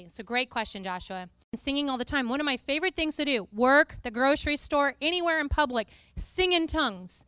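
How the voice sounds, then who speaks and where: A woman preacher giving a lively, playful teaching talk to a congregation, often breaking into sung and spoken snippets. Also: high voice, no echo, clean studio sound.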